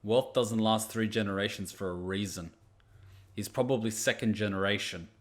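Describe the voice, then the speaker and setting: A man hosting an anime reaction, talking casually over clips. His voice sits low. He is joking and blunt, with plenty of swearing. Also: moderate pace.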